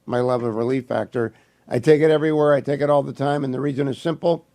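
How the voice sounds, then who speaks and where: Older male radio host, hoarse, brisk and emphatic live ad reads, mid pitch. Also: warm tone. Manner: brisk, emphatic, repeats phone numbers. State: losing his voice. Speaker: radio talk show host. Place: radio studio.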